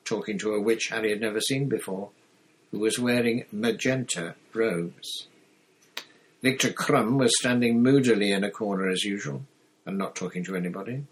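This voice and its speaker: A man reading a novel aloud in a steady narrating manner, with occasional slips and restarts. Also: on the low side, breathy edge, rough recording. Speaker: audiobook reader. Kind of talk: storybook narration.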